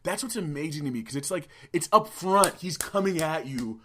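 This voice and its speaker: A young man co-hosting a podcast in brash, profane, excitable casual chat. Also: on the high side, normal speed, slight background noise. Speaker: podcast co-host.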